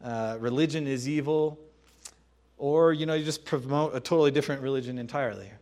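A man preaching a sermon in a conversational, emphatic way, repeating key phrases and pausing to clear his throat. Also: medium pitch, darkish tone. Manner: laughs and clears throat between points.

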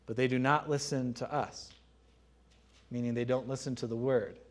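A man preaching a sermon in a conversational, emphatic way, repeating key phrases and pausing to clear his throat. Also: mid-range voice, steady tone. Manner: laughs and clears throat between points.

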